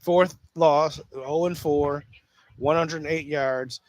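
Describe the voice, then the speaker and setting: Animated man talking football, dry sound. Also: on the high side, slow, dry recording. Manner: animated, repeats himself, frequent restarts and fillers. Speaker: sports talk host. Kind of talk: casual solo sports commentary.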